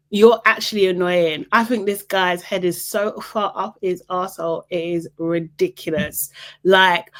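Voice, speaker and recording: An animated woman giving a casual reality TV recap in an opinionated, exasperated way. Her voice sits at an ordinary middle pitch but shoots up high whenever she finds something unbelievable. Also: normal speed. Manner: voice jumps high when incredulous.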